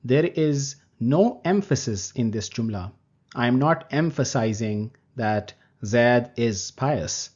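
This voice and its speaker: A man teaching Arabic grammar in a recorded lecture, explaining terms slowly and deliberately. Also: mid-range voice, expressive, darkish tone. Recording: dull lo-fi recording.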